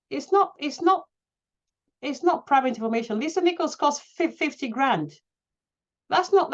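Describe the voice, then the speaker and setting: Emphatic, higher-pitched woman coach on a lo-fi call. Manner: emphatic, rising to near-shouting. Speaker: coach hosting a live session. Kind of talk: motivational talk to an online group.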